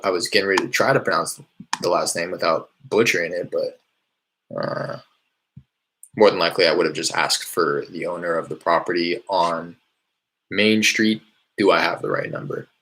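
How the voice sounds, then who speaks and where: A man with a very deep, gravelly voice talks through his cold-calling method in a relaxed, chatty way, full of fillers and restarts. His tone stays bright and clear on top of the low rumble. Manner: loose and conversational, many fillers and restarts. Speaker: real estate wholesaler teaching cold calling. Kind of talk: casual explanatory tutorial. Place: small hot indoor room.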